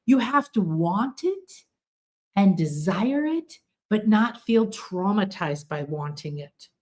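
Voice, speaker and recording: A woman's voice: animated, takes it slowly, a little mellow. Woman, middle-aged, spiritual healing teacher, earnest, repeating lists, motivational talk. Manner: earnest, acts out quoted pleas in a higher voice; builds long repeated lists.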